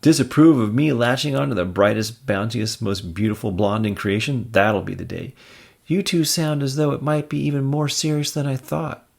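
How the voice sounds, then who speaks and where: A man voicing a sweet, frail elderly aunt from a comic, gentle and doting. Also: medium pitch, normal speed, gravelly, pitched above the performer's own voice.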